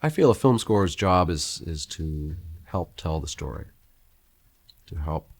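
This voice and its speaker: A man talking about film music in an earnest, measured way. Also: sits low, animated. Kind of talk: reflective commentary.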